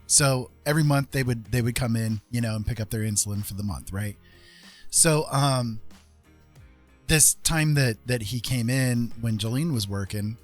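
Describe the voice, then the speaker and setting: Blunt, rambling man hosting a stream. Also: mid-range voice. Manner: loose, rambling, blunt and profane. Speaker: live stream host. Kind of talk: casual chat, storytelling.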